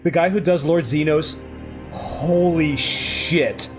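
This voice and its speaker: A man hosting a casual let's play chat, excitable, laughing often and swearing casually. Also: fairly high pitch, takes it slowly. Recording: music playing underneath.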